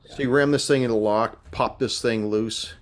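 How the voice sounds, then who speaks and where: A man's voice: medium pitch, steady tone, normal speed. A man narrating a tabletop game as game master, in a laid-back way with casual fillers.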